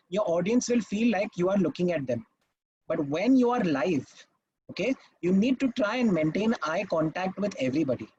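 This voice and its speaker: A man's voice: high voice, a little mellow, lo-fi sound, a little hiss or hum. A man teaching public speaking in a live online masterclass, talking emphatically and often checking in with his listeners. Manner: emphatic and instructive, checks in with "Okay?". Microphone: video call.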